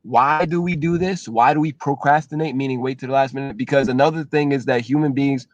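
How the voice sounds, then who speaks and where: A man co-hosting a casual live-stream talk show, animated and explanatory. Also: mid-range voice, a little fast, dry recording, lo-fi sound. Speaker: co-host, relationship talk.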